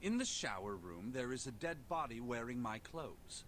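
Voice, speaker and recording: An actor voicing a composed, refined young man in a video game, formal and measured in his speech. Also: medium pitch, sing-song, a bit bright, slight background noise. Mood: calm.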